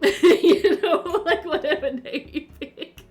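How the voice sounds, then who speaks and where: A woman's voice: sits high, takes it slowly, faint music behind. A young woman streamer chatting casually with her viewers, reading their messages aloud and laughing often. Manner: giggly, chatty, reads chat aloud. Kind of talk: casual chat with live chat.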